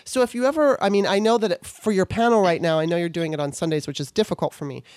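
A Baltimore, Maryland woman hosts a podcast, chatting casually in a candid, rambling style and often restarting or correcting her sentences. Her voice is lowish and darkish in tone, and she talks fast. The studio sound is clean, with no room sound.

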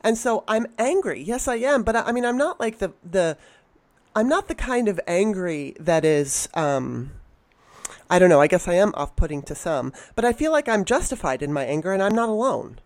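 A woman's voice: mid-range voice, very animated, normal speed, a little mellow. A woman co-hosting a podcast, talking bluntly and heatedly and swearing freely in casual chat. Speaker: podcast co-host.

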